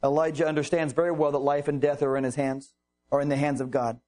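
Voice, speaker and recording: A man's voice: fairly high pitch, little pitch movement, quick pace, a little mellow. A man preaching a sermon, reading Bible verses and explaining them earnestly with rhetorical questions.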